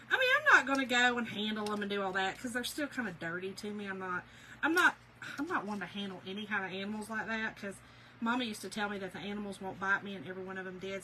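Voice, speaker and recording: A woman's voice: mid-range voice, slight background noise, low-quality recording. A woman, chatting casually with her livestream viewers from home and telling stories with lots of laughter. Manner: chatty, animated storyteller, laughs often. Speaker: craft channel host.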